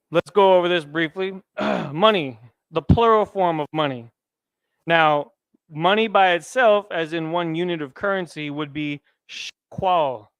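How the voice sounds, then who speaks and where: A man leads a classroom lesson in a relaxed, conversational way, tossing questions to his students. His voice sits a bit high and comes across smooth and clear. The recording is dry and close. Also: no room sound. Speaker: Hebrew teacher.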